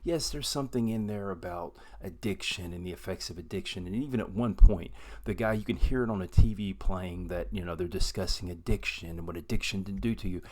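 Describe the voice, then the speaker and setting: A man casually reviewing a movie to camera, animated and excitable, swinging between loud bursts and quiet asides. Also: low-pitched, brisk, hardly any pauses.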